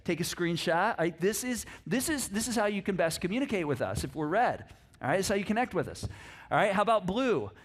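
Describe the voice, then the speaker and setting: A man preaching a sermon in a church, animated, acting out little voices and laughing often. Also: high-pitched, quick pace. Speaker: pastor. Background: congregation.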